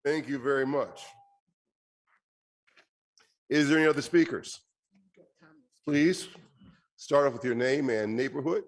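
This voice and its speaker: Brisk man chairing a council meeting. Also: mid-range voice.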